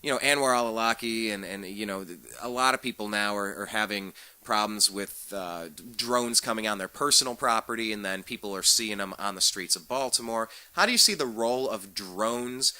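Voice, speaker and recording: A young man hosts a political talk show, animated and opinionated, cracking jokes as he goes. His voice is bright and forceful, sitting a bit low. The sound is dry and close. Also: moderate pace, hardly any pauses, dry recording. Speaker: host.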